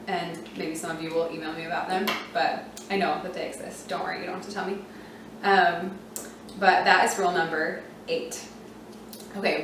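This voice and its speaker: A reading teacher with a fairly low voice explains reading rules casually, using fillers like "um" and "you know" and slowly spelling out letters one by one. She sounds distant in a very echoey room with a noisy background.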